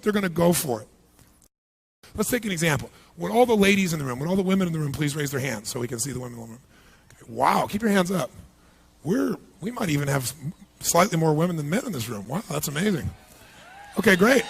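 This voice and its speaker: A man giving a live motivational seminar, energetic and punchy, constantly quizzing the audience with questions. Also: sits high, gravelly. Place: large seminar hall with thousands present.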